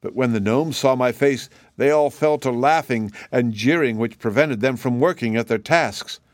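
A man's voice: mid-range voice, normal speed, dry recording, clean studio sound, natural voice. A man voicing a gloomy, despairing man hiding away under a curse of ugliness, with a sad, hollow voice. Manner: wailing, gloomy.

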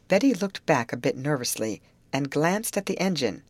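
A woman reads a classic girls' adventure novel aloud in measured, expressive narration. Her voice sits low yet moves with lively inflection. The recording is dry and close to the mic. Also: no room sound. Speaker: audiobook reader.

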